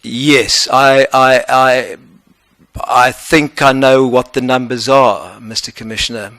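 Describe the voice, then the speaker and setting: A man with a South African accent answering questions as an advocate in a formal interview, earnest and measured. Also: mid-range voice, fairly even intonation, bright, forceful tone, no room sound.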